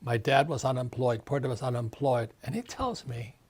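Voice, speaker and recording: A man's voice: medium pitch, animated, normal speed, a little mellow, slightly rough. An older man in his seventies, an author being interviewed, speaking emphatically in a ranting way. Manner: emphatic, ranting, acts out quoted voices. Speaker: author and guest.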